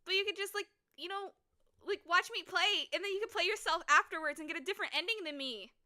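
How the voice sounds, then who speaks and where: High bright girly streamer lady reading a story game out loud, excitable, squeals a lot. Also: fast. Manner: excitable, breaks into squeals and exclamations.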